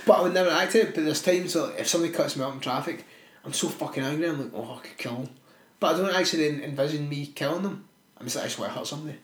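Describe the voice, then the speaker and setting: A Scottish man in his twenties co-hosting a casual podcast, swearing freely and telling dark jokes. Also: fairly high pitch, very fast, reverberant, poor audio. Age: 20s. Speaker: podcast co-host.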